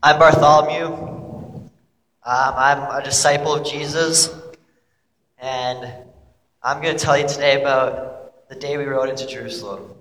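A young man plays an earnest young disciple who rambles casually through his story, every other phrase padded with "like". His medium-pitched voice rings out in a roomy hall with a long, trailing reverb. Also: a bit bright, natural voice. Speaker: actor playing a biblical disciple. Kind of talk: monologue, casual modern retelling.

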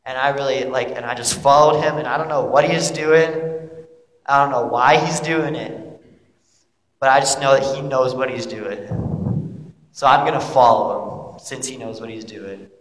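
A young man plays an earnest young disciple who rambles casually through his story, every other phrase padded with "like". His medium-pitched voice rings out in a roomy hall with a long, trailing reverb. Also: fairly even intonation, normal speed, lightly acted. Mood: earnest, confused. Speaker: actor playing a biblical disciple. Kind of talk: monologue, casual modern retelling.

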